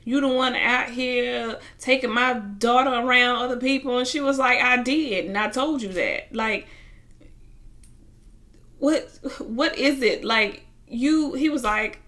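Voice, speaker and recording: Bright, animated woman recapping a show. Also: on the high side, unhurried. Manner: animated retelling, acting out quotes, bursts of laughter. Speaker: reality show reviewer. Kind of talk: casual recap commentary.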